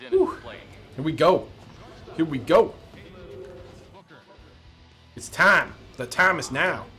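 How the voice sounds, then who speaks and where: A man's voice: fairly high pitch, lively intonation, slow pace, bright, forceful tone, breathy edge, faint music behind. A young man giving casual, joking commentary while playing a game, talking to himself. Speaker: gaming YouTuber.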